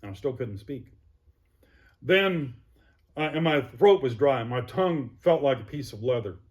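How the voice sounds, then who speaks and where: A man at a middle pitch recounts his own story as an interview guest. He talks in a plainspoken, vivid way and walks the listener through each step. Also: expressive, measured pace, dull audio. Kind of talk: personal recovery story.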